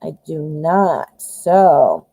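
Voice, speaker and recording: A woman's voice: low-pitched, very animated, drawn-out words, vocal fry, warm tone, no room sound, low-quality recording. A woman giving a live-stream tarot reading, chatting directly to viewers with lots of fillers and friendly asides. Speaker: tarot reader.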